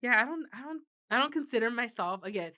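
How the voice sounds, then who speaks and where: A woman's voice: a little high, lively intonation, fast talker, bright, forceful tone. A woman in her thirties co-hosting a podcast, chatting casually, laughing often and swearing freely. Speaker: podcast co-host. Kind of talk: casual chat.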